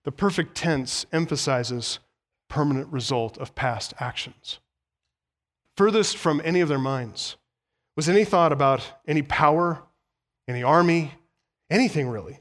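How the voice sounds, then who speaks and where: A man delivers a church sermon in a fairly high voice. He explains the scripture like a teacher and climbs to emphatic, animated peaks. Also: measured pace, long pauses. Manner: teacherly, explains Greek words. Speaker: pastor. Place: church sanctuary.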